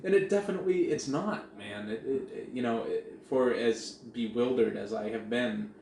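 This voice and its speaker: A man co-hosting a casual podcast, telling a story in a profane, animated way. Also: mid-range voice, normal speed, vocal fry. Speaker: podcast co-host. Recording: echoey room with faint noise.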